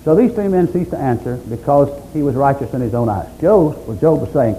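A man's voice: medium pitch, lively intonation, brisk, few pauses, dark tone, a little hiss or hum, rough recording. A man preaching a sermon, emphatic, stacking up repeated phrases.

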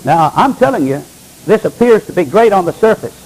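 A man preaching a sermon from the pulpit, asking the congregation rhetorical questions and swinging between low, emphatic lines and high exclamations. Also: lively intonation, a little fast, darkish tone, poor audio. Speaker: pastor. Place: church.

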